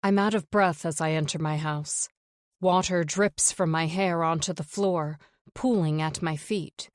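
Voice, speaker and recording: A woman narrating a first-person psychological thriller audiobook in a measured, tense read. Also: sits low, fairly even intonation, no room sound, clean studio sound.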